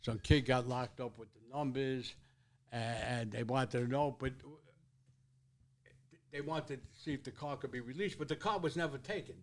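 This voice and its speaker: A man's voice: medium pitch, moderate pace. An older man, telling a rambling, profane story as a guest in casual chat, repeating words as he goes.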